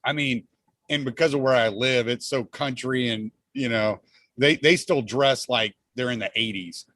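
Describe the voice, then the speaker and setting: A man's voice: mid-range voice, normal speed, fairly bright tone, no echo. A man hosting a podcast, talking in a rambling, easygoing way with frequent laughs. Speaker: podcast host. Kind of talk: casual podcast chat.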